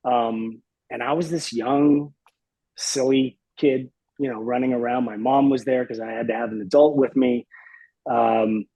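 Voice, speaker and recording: Husky middle-aged man, reflective. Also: medium pitch, fairly even intonation, a little slow, warm tone, no room sound, rough recording. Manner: reflective, rambling with many fillers. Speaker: guest. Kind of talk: casual chat.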